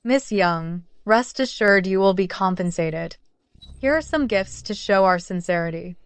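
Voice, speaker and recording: A slow-spoken wealthy mother. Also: mid-range voice, lively intonation, clear, resonant tone, no echo. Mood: polite. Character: wealthy mother, startled and indignant. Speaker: mother in a dubbed drama. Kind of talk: dubbed drama acting.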